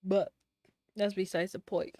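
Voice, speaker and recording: A woman's voice: medium pitch, flat delivery, measured pace, a little mellow. A woman live-streaming, chatting casually and playfully with her chat in a slangy, teasing way, sounding sleepy. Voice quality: sings snatches of songs between chatter.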